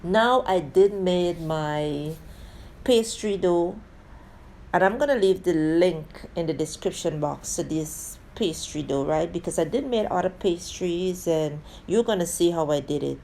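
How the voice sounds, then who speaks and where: A woman's voice: lowish voice, measured pace, creaky, darkish tone. A woman hosting a casual cooking tutorial. She talks viewers through each step in a chatty way, with friendly asides, and keeps calling them "guys". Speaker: cooking channel host.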